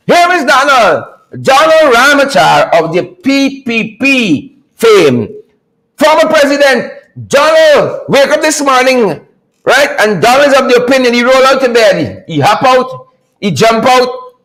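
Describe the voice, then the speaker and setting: A fired-up male talk show host with a notably high voice. He hypes up his audience, shouts out greetings, laughs a lot and drives his points home by repeating himself. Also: big pitch swings, a little slow, poor audio. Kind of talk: energetic live-stream commentary.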